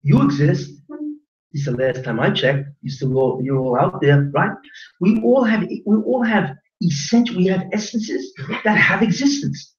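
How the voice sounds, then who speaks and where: A man teaching a class as a rabbi, animated and joking, quizzing his audience with questions. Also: high voice, moderate pace. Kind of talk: lively Torah class lecture. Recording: roomy lo-fi recording from a distance.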